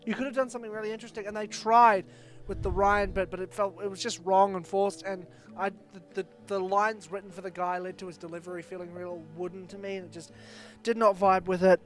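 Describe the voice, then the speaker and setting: A man's voice: high-pitched, flat delivery, fast, soft background music. A man co-hosting a casual TV review, laughing often and agreeing along. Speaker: podcast co-host reviewing TV. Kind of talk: casual chat.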